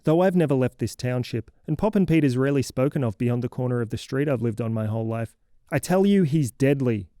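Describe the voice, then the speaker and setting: Man voicing a sarcastic, theatrical scold lecturing a kid, mellow dark tone, dry close sound. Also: mid-range voice, expressive, fairly quick, dry recording, lightly acted. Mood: sardonic lecturing. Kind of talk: comic horror audio fiction monologue.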